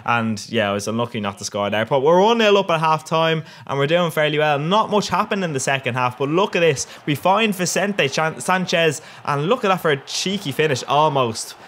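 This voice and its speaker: A man's voice: on the high side, brisk, hardly any pauses. Cheeky young Irish man. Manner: rambling and cheeky, with bursts of excitement. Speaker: gaming commentator. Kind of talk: casual video game commentary.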